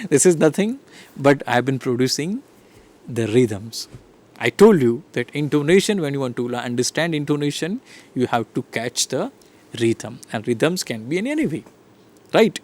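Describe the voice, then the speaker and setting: A man with an Indian English accent giving a classroom lecture on English intonation, demonstrating rhythms and often checking in with listeners. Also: a little high. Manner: animated, demonstrates rhythm and intonation with repeated examples; asks listeners frequent "right?" checks. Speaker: English teacher.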